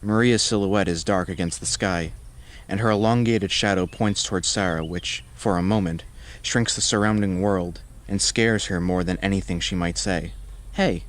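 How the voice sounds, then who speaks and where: A man narrating a horror story in a measured, scripted storytelling voice. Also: low-pitched, steady tone.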